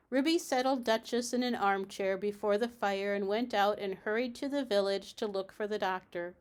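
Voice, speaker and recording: A woman from a library reading a children's storybook aloud in a steady, measured way. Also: medium pitch, clear, resonant tone.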